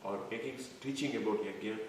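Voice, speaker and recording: A man on the low side of the pitch range delivers a devotional scripture lesson fairly quickly, defining each term in turn and questioning his listeners. The mic sits far away in an echoey room, and there's slight background noise.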